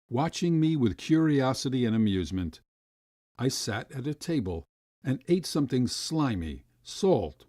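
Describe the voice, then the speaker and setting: Expressive male audiobook narrator, mellow voice. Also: no room sound, clean studio sound. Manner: expressive storytelling, rising high for quoted voices. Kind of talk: scripted narration of a short story.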